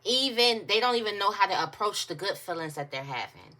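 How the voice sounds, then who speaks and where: A woman's voice: medium pitch, lively intonation, fairly quick, sharp tone. A woman giving a casual tarot reading to her viewers, chatty and repetitive, with emphatic asides. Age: adult. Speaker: tarot reader.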